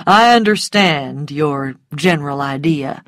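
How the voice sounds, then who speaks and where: A woman voicing a self-assured, mocking grown man in a storybook reading, speaking calmly in a low, quiet murmur. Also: takes it slowly, no echo, studio quality, full character voice. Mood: cool. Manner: calm, low and teasing, dropping to a murmur.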